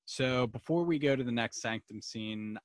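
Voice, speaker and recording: A man's voice: medium pitch, moderate pace, dry recording. A man co-hosting a casual podcast, enthusiastically recapping and discussing a TV episode with friends. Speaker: podcast co-host.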